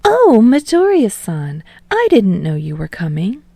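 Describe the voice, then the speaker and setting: A woman's voice: medium pitch, huge pitch swings, a little slow, gravelly, warm tone, breathy edge, no room sound, heavily acted. A woman voicing a polite, formal young woman who speaks courteously.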